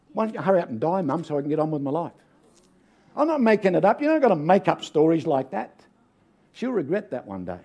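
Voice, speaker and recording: A man's voice: a little high, warm tone. An older man with an Australian accent, a guest preacher giving a sermon full of stories, jokes and calls for an amen. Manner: folksy, humorous, calls out for amens. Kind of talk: sermon with storytelling.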